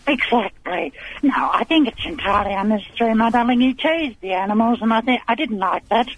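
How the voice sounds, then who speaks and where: Fields: Figure: gushing grand old lady caller played by a man. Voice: very high. Line: dull phone. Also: lively intonation, a little fast, full character voice. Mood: flirtatious. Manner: gushing, talks over the host, calls him darling. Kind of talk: comic phone-in character.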